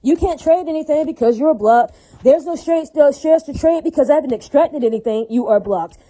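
Brisk and high-pitched with a dark tone, this woman launches into a solo, unscripted rant. She swears freely, circles back on her points, and keeps asking "right?" and "does that make sense?" The audio is rough.

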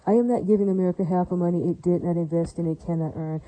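A woman's voice: on the low side, fairly even intonation, quick pace, mellow, no echo, rough recording. A woman delivering a heated, rambling monologue, repeating herself and circling back to the same verbal tics. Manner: heated and defiant. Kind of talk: ranting monologue.

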